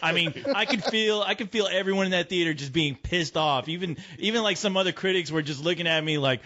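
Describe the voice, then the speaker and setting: A man's voice: sits high, fast talker, few pauses, pushed and bright. A man critic telling a profane story of sitting through a film, often laughing. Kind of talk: casual review chat. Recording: dull lo-fi podcast audio.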